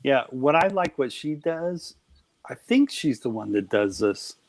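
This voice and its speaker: A man's voice: medium pitch, sing-song, measured pace. Teasing, playful man hosting a live stream. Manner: playful, teasing, laughs often. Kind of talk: casual group chat on a live stream.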